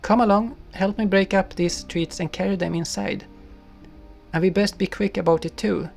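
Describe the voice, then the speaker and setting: Brisk emphatic male chipmunk, voiced by a man reading a storybook, gravelly rasp, soft guitar behind. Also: high-pitched, steady tone. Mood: gleeful. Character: cheeky laughing male chipmunk.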